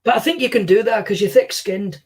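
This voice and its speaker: A man's voice: sits high, brisk, slightly rough, voice pushed up. A man doing an impression of a famous older Scottish comedian, telling rambling, sweary anecdotes in a Scottish accent. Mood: musing. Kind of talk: stand-up impression, storytelling.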